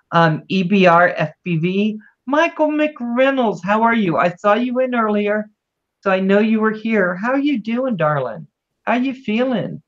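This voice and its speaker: A woman's voice: fairly low pitch, dull audio. A woman hosting a livestream, chatting casually and greeting viewers with affectionate words. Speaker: livestream host.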